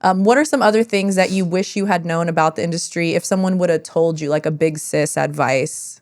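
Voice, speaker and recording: A woman hosting a casual interview podcast, asking relaxed, open questions with plenty of fillers. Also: on the low side, brisk. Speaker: podcast host.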